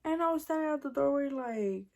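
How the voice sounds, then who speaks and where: A young woman recounts a personal story to her viewers in a casual vlog. Her voice is warm and mellow, and she swears freely while acting out what each person said. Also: high voice, brisk, vocal fry. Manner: animated, profane, acts out dialogue.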